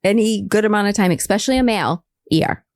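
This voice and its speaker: A woman's voice: mid-range voice, quick pace, a little mellow, no room sound, studio quality. A middle-aged woman hosting a podcast, chatty and playful as she quizzes her guest. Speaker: podcast host. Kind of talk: casual chat.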